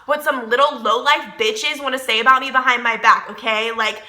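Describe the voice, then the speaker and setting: A woman's voice: a little high, fairly even intonation, fairly quick, sharp tone, a little hiss or hum. A young woman vlogger telling a story in a heated, profane, sarcastic rant. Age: young adult. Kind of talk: ranting storytime vlog. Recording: echoey room.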